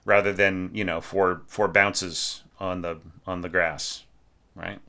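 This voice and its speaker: Deep chatty man giving feedback on a score. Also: flat delivery, slow, gravelly, pushed and bright. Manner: chatty and emphatic, sings phrases aloud to demonstrate. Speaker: orchestration teacher. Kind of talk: casual spoken feedback on a student's score.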